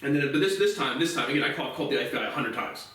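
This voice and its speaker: A man's voice: medium pitch, animated, racing, fairly bright tone. A man giving a profane, aggrieved solo monologue full of restarts and repeated words. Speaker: host of a solo commentary series. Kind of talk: casual rambling monologue. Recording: very echoey room, voice from a distance off the mic.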